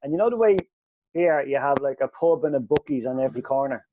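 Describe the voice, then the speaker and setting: Guy on a podcast, animated sweary storyteller, muffled audio, bit of hiss. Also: medium pitch, fast. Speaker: podcast co-host. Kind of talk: casual storytelling chat.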